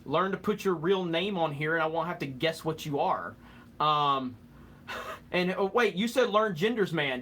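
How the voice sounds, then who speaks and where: A man's voice: a little high, normal speed, sharp tone, a little hiss or hum. A young man hosting a live stream, casually reading out chat comments with a joking, rambling manner and the odd fumble over words.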